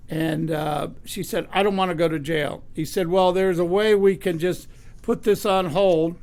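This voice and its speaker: Man, radio host, high-pitched voice, halting storytelling. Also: darkish tone. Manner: retells a phone call with quoted voices, many restarts and fillers.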